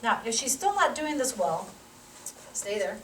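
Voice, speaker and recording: A woman, a physical therapy instructor, teaching a live demonstration and coaching a volunteer through an exercise with quick cues and encouragement. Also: fairly high pitch, big pitch swings, a bit bright, a little hiss or hum. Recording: roomy sound from a distant mic.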